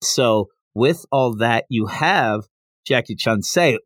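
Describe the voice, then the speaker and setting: Animated man recapping a manga chapter. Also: medium pitch, slow pace, no room sound, clean studio sound. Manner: animated retelling with bursts of put-on character voices. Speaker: podcast host.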